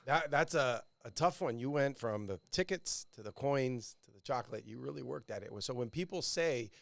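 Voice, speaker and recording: A man's voice: mid-range voice, animated, moderate pace, vocal fry, a bit bright, dry recording, clean studio sound. A middle-aged man hosting a podcast, who listens with easy agreement and asks open questions. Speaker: podcast host. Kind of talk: casual podcast interview.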